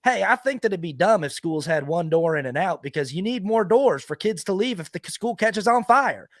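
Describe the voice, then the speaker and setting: A man's voice: sits high, animated, fairly quick, dry recording, studio quality, pitched above the performer's own voice. A man putting on an eager Southern guy. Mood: earnest. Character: dim-sounding Southern American man, eager.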